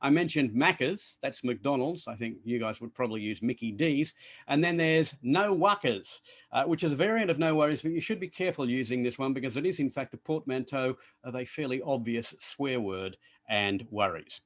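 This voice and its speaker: An Australian man giving a playful, explanatory prepared speech to an online club. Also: normal speed. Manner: playful, explanatory, lively pitch swings. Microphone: online call.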